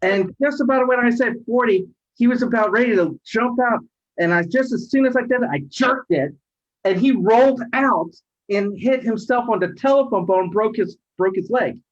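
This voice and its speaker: A middle-aged man, a rideshare driver, telling a story in casual chat, animated and acting out quoted voices. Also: extremely high pitch, moderate pace. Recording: dull lo-fi audio.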